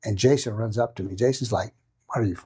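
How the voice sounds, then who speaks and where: A middle-aged man, a martial arts coach and podcast guest, telling a story in an animated way and acting out what others said. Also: fairly low pitch, quick pace, husky. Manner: animated, acts out quoted voices, repeats himself. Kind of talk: casual storytelling.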